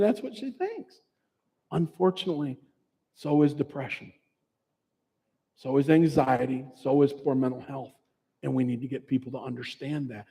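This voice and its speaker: A man in his fifties, a bereaved father, speaks with a high-leaning, dark-toned voice. He delivers his personal testimony earnestly and conversationally in a large presentation hall, recorded with long hall reverb.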